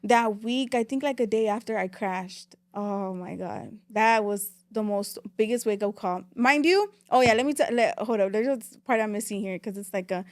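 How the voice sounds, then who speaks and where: A young woman, telling her story as a podcast guest in a rapid, animated way and switching between English and Spanish. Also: medium pitch, dry recording. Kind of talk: casual interview storytelling.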